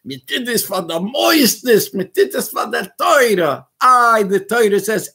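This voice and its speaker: A man's voice: sits high, slightly rough. A man, a rabbi giving blunt, fiery video commentary full of Yiddish and Hebrew terms. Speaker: rabbi and activist host.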